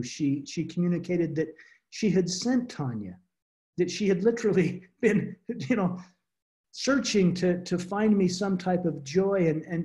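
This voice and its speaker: A man telling a personal story to a support group, earnest and halting, often restarting his words over a video call. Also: sits high, mellow. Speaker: guest speaker.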